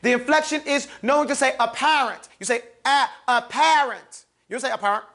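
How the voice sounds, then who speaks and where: Sharp-toned and high-pitched, this teacher talks fast. She's teaching Arabic reading to students in a live classroom, teasing them, stressing each letter's sound, and emphatically calling out letters for the class to echo.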